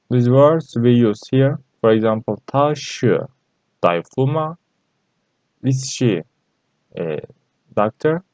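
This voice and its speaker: Guy teaching a language lesson, halting with lots of uh, muffled lo-fi sound. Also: mid-range voice, darkish tone, no echo. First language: Turkish. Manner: halting and repetitive, many fillers. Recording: dull lo-fi recording.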